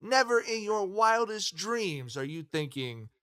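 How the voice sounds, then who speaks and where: A man's voice: sits high, sing-song, measured pace, sharp tone, clean tone, no echo, clean studio sound. A man in his thirties co-hosting a sports podcast, talking casually and emphatically with plenty of swearing. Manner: profane, emphatic, storytelling. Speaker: podcast co-host.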